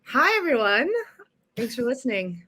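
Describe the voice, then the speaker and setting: A woman guest speaking in an understated, soft-spoken way during an interview. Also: a little high, big pitch swings, normal speed, slightly rough. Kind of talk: interview conversation.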